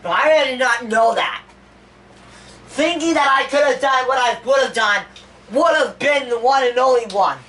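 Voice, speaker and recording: A woman's voice: high voice, moderate pace, fairly bright tone, far from the mic, voice pushed up, poor audio. A woman voicing a grieving young man who gives a rambling, stammering eulogy in a homemade toy-figure animation. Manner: stammering, repeats words, rambling. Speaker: eulogy speaker.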